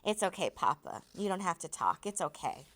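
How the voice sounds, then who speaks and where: A woman voicing a frightened young boy who pleads softly, while reading a novel aloud. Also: lowish voice, big pitch swings, normal speed. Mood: scared. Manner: soft, pleading questions.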